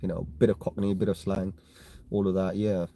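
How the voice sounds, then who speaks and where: A man's voice: deep voice, little pitch movement, brisk, creaky, mellow. A man with a London accent chatting casually on a live stream, answering viewer comments in a rambling way and often tagging on "right?" and "you know what I mean". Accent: London English. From London, England. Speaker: crypto live-stream host.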